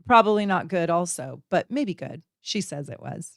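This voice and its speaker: A woman in her forties hosting an astrology channel, talking straight to her viewers in an animated, repetitive, chatty way. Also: lowish voice, moderate pace, vocal fry, no echo, studio quality. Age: 40s. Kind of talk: casual direct-to-camera talk.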